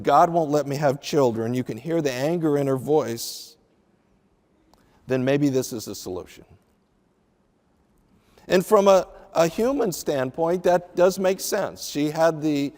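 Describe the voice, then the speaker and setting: Slow-speaking man preaching in a reverberant hall. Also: on the high side, darkish tone. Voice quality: slow deliberate preaching with emphatic pauses. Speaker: Bible teacher. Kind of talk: radio sermon.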